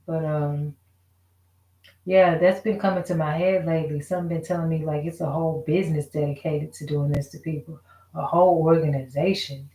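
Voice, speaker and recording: A woman's voice: sits low, steady tone, a little fast, warm tone. A woman venting in a casual, rambling rant, frustrated and profane, full of rhetorical questions. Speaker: vlogger. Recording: echoey room.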